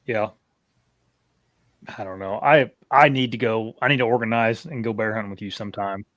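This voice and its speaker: A man's voice: lowish voice, moderate pace, a bit bright, no room sound, clean studio sound. Easygoing male podcast host. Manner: easygoing, short agreeing replies. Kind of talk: casual chat.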